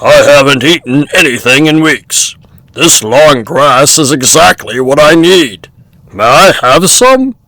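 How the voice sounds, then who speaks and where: A man voicing a big, heavy, stubborn male buffalo with a gravelly voice. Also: fairly high pitch, lively intonation, measured pace, pushed and bright, dry recording, heavily acted. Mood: pleading.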